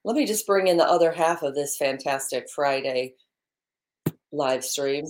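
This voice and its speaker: Woman, low pitch, bubbly and chatty, laughs often, laptop microphone. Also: a little slow, a little mellow, slight background noise. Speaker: co-host of a morning live stream. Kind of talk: casual live-stream chat.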